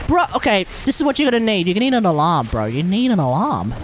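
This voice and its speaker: A young woman banters on a livestream, teasing her friend and cursing casually. Her pitch swings widely as she jokes. A faint noise sits under the voice. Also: big pitch swings, fast talker. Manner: teasing, joking, swears freely.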